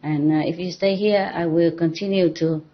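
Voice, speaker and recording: A woman teacher speaks to her disciples in an informal dharma talk, in a fairly low voice. She is playful and teasing and often breaks into laughter. The recording is dull and lo-fi. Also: steady tone, moderate pace, background noise. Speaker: spiritual teacher addressing disciples.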